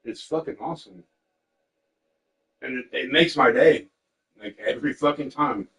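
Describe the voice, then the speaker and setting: A man's voice: medium pitch, normal speed, rough recording. A young man chatting casually and candidly, swearing often and acting out what people said to him. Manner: candid and profane, quotes people in lively voices. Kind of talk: casual storytelling chat.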